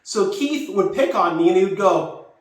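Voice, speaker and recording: This older man from Jamaica speaks in a fairly high voice and tells his story in a loose, reflective ramble, often circling back to restart a thought. He sounds some way off from the mic in a very echoey room. Soft music plays behind him. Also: expressive, normal speed, far from the mic. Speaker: YouTuber. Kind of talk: casual personal storytelling.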